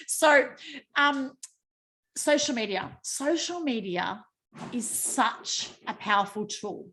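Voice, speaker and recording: A woman's voice: high voice, expressive, moderate pace, a bit bright. Bubbly, effusive woman hosting a video call. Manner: bubbly, effusive, laughs often. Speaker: host of team call. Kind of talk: casual video call presentation.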